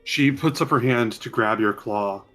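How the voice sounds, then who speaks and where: A man narrating as game master in a tabletop game, with halting, self-correcting narration. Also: medium pitch, fairly bright tone, soft background music.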